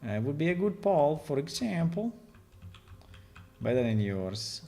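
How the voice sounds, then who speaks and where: A man's voice: a little high, sing-song, unhurried, mellow. A man from Italy with an Italian accent, rambling and joking with his chat in a casual live stream while he works on a game.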